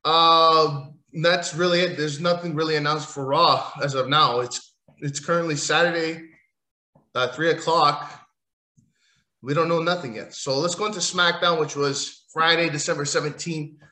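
A man rants in a bright, slightly higher voice, sarcastic and rambling, swearing freely as he recaps a wrestling show. His voice rings around an echoey room. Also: steady tone, normal speed. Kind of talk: casual profane rant recap.

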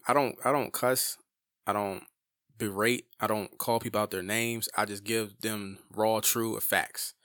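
A man's voice: on the low side, bright, forceful tone, smooth, no echo, studio quality. A man, a community advocate, telling a personal story in a passionate, emphatic way, often restarting his sentences.

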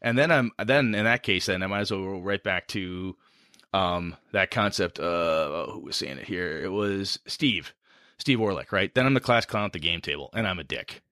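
A man's voice: sits low, moderate pace, pushed and bright, no echo, clean studio sound. A man talking casually on a podcast about running tabletop games, rambling and self-deprecating.

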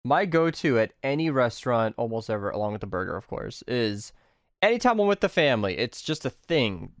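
A man's voice: medium pitch, very animated, a little fast, no room sound, clean studio sound. A man hosting a livestream chat, talking casually and animatedly with a self-deprecating manner.

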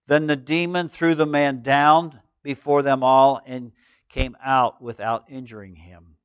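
A male pastor preaching a sermon with animated storytelling, calling on the congregation to answer back. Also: mid-range voice, unhurried, clean tone, no echo, muffled recording.

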